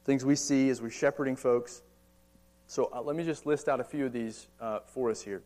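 A man's voice: medium pitch, steady tone, normal speed, a little mellow. A man in his thirties with an American accent, preaching a sermon in a conversational way with frequent rhetorical questions and casual asides. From United States. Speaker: pastor. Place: church or meeting hall.

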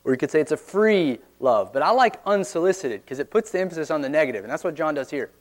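Male pastor, slightly raised pitch, earnest conversational sermon, asks rhetorical questions. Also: lively intonation, quick pace.

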